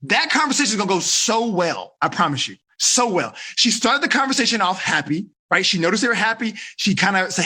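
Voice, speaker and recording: Animated man coaching teens, husky voice. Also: high voice, a little fast, hardly any pauses. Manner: animated, acts out dialogues, asks thumbs up or down. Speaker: teen life coach.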